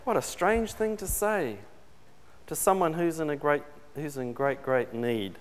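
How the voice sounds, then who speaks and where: A man preaches a sermon in a chatty, questioning way, often turning to his congregation. His voice sits a little high. A long reverb trails behind him, as in a large church hall. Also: a little slow. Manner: conversational, asks the congregation questions.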